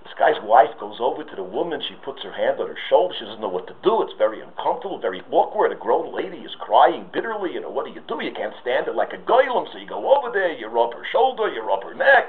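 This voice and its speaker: A man's voice: mid-range voice, big pitch swings, fast, hardly any pauses. A man giving a sermon with stories, rising to impassioned pleas. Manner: storytelling, rises to impassioned pleas. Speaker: rabbi giving a talk. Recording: tinny phone-like audio.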